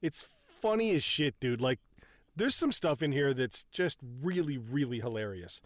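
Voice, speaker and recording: A man in casual chat about a comedy film, laughing often, swearing and jumping in with quick reactions. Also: medium pitch, sing-song, dry recording. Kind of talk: casual movie recap chat.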